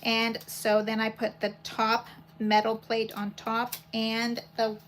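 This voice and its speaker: This paper crafting channel host has a fairly high voice and a slow pace. Chatty and rambling, she muses aloud as she works through a casual demo at home. The recording is rough, with steady noise behind her.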